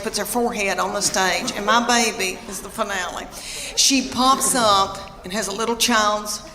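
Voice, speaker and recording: A woman with a Southern US accent performing a chatty, drawling stand-up routine full of asides. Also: fairly high pitch. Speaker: stand-up comedian. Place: large hall on stage before an audience. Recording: echoey hall with loud crowd.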